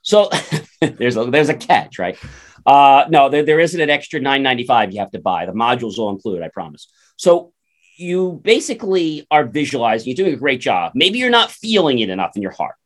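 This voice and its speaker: A man's voice: mid-range voice, brisk. A man co-hosting a motivational talk show, acting out little dialogues in changing voices as he makes his points. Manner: animated, acts out little dialogues in character voices. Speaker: co-host.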